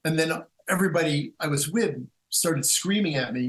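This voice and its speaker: A guest author, his voice a little high and his pace fairly quick, comes through on a low-quality recording. He rambles animatedly through casual stories, restarting a lot and performing quotes as he goes.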